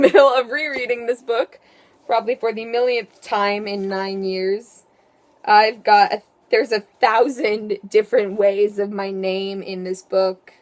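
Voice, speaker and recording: A teenage girl chatting casually about her favourite books in a vlog, with playful, sarcastic asides. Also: mid-range voice. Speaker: book vlogger. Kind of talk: casual book review vlog.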